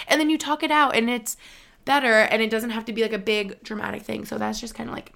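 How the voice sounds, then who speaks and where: Young woman, podcast host, casual advice chat, gravelly fry, many fillers. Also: a little high, steady tone, quick pace, fairly bright tone. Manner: chatty, filler-heavy, earnest.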